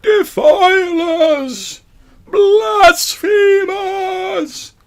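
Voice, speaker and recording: A man voicing a mournful bodiless male spirit who shrieks accusations in long, drawn-out cries. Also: very high-pitched, lively intonation, gravelly, pitched above the performer's own voice, heavily acted. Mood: mournful fury.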